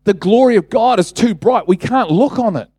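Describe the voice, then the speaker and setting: A man's voice: high voice, lively intonation, normal speed, dark tone, slightly rough, no echo, clean studio sound. A man preaching a casual sermon, talking conversationally, then building to emphatic bursts and asking the congregation rhetorical questions.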